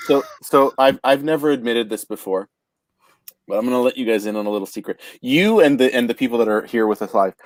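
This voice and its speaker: A man from Canada hosting a casual talk show, halting and stammering with frequent restarts. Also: mid-range voice, dry recording. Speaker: podcast host. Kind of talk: casual chat.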